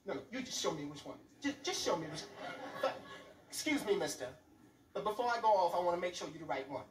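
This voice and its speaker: A man's voice: high voice, very animated, fast, noisy background. A man voicing an angry, protective middle-aged mother who talks sassily and with mock politeness. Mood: furious. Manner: sassy, sharp, mock-polite. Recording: roomy club sound from far off.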